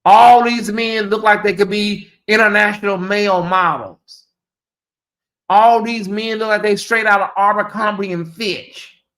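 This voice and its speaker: A man hosting a casual livestream, sassy and animated, often mimicking voices. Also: sits high, unhurried. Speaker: host.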